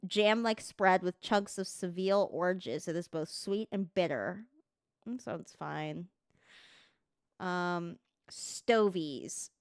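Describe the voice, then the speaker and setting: A woman's voice: on the low side, slow pace, clean tone, no room sound, clean studio sound. A woman streamer chatting casually on a livestream, reading text aloud, swearing freely and stumbling over words as she reads.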